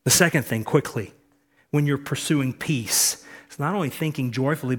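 A man preaching a sermon as pastor, repeating key phrases and swinging between soft asides and loud emphatic lines. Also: medium pitch, normal speed, breathy edge.

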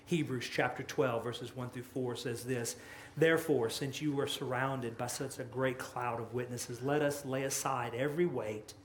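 A man preaching a sermon as pastor, impassioned and swinging from loud, rising lines to hushed, low ones. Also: steady tone, moderate pace, slight background noise. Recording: echoey room with faint ambience.

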